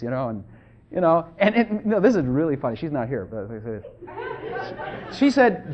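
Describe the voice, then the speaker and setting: A middle-aged man preaching an informal sermon in a folksy, animated way, often asking the congregation questions. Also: a little high, a little fast. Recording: dull lo-fi sound.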